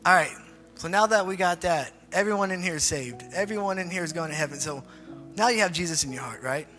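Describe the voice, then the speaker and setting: A youth pastor with a high-pitched, bright voice speaks briskly and forcefully, preaching a casual youth sermon with an altar call in a church hall. He's informal, repeats his phrases, and leads the group in prayer. The hall is reverberant, with faint music in the background.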